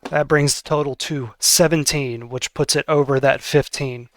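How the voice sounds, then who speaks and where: A man's voice: mid-range voice, fairly even intonation, moderate pace, a bit bright, dry recording. A man narrating a tabletop game as game master, hesitant and with many fillers.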